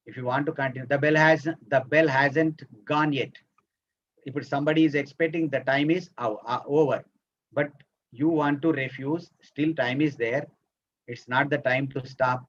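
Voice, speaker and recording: A man's voice: medium pitch, fairly bright tone. Man, teacher trainer, repeats phrases, explanatory tone, dull lo-fi audio. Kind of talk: spoken English lesson for teachers.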